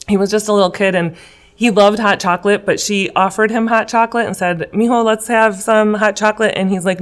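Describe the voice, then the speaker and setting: Woman in her 30s, earnest and a bit emotional, lots of ums, smooth clear voice, mid pitch. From West Chicago, Illinois. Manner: earnest, emotional, many fillers. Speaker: guest, political candidate. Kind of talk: interview answers. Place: school room.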